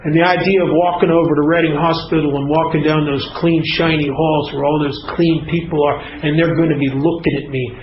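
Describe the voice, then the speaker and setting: A man giving a candid, emotional recovery testimony about his drinking days. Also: on the high side. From Pennsylvania. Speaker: recovery speaker. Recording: echoey lo-fi room with noise.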